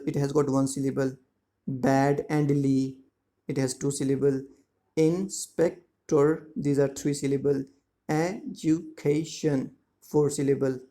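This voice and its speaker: A man teaching a school lesson, explaining words slowly and checking that students follow. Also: on the high side, gravelly, warm tone. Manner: slow, repetitive explaining with frequent check-ins. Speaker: English teacher. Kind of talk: classroom lesson explaining grammar and syllables.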